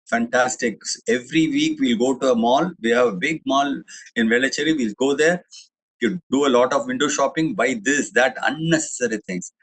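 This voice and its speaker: Husky-voiced Indian English doctor. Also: male voice, mid-range voice, moderate pace, low-quality recording. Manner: chatty and digressive, with frequent restarts and fillers. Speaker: doctor giving a webinar talk. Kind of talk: anecdotal public talk.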